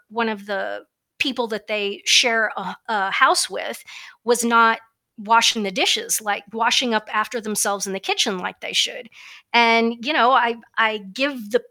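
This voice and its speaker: A woman's voice: a little high, pushed and bright. A woman giving a blunt, emphatic opinionated monologue as a religious commentator, with frequent fillers and restarts.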